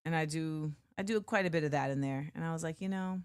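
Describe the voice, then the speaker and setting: A woman's voice: sits low, quick pace, clear, resonant tone, no room sound, studio quality. A woman hosting a podcast in casual, playful conversation with her guest. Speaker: podcast host.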